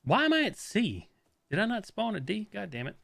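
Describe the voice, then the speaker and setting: A young man streaming a shooter game, talking fast and loose as he plays, swearing, laughing and answering chat. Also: high-pitched, huge pitch swings, gravelly, fairly bright tone. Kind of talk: live gameplay commentary.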